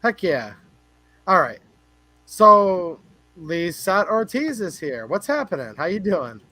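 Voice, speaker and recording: A man hosts a relaxed livestream, rambling and joking as he greets viewers by name. His voice sits a little high for a man. The sound is dry and close, with no room echo. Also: slow. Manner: chatty, rambling, jokes with chat. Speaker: livestream host.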